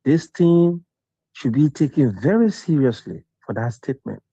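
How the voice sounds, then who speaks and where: Male caller, mellow and grave, on a dry, muffled line. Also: on the high side, animated, normal speed, breathy edge, no echo. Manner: serious, warning.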